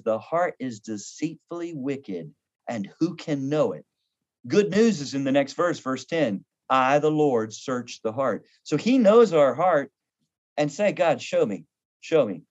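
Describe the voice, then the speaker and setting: A man's voice: fairly high pitch, measured pace. A man in his fifties, a pastor and counselor, telling stories in conversation with humor and acted-out quotes. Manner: humorous, animated, acts out quoted voices. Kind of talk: conversational storytelling on a podcast. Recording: dull lo-fi audio.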